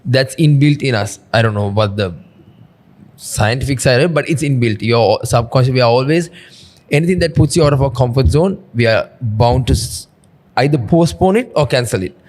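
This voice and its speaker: Sri interview host, mid-pitched man. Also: normal speed, a little mellow. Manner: frequent agreeing backchannels, rambling questions. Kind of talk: conversational interview.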